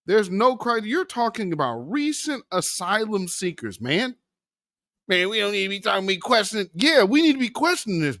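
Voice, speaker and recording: Animated, high-voiced man ranting to viewers. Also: dry recording, clean studio sound. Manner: impassioned, preachy, addresses viewers as family and brother. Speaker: commentary channel host. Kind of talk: political commentary vlog.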